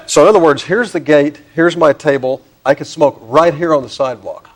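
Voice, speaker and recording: A man's voice: on the high side, fairly quick. A middle-aged man with a drawl spins a long anecdote as a talk show guest. He acts out his own irritation as he goes. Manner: drawling storyteller, acting out exasperation.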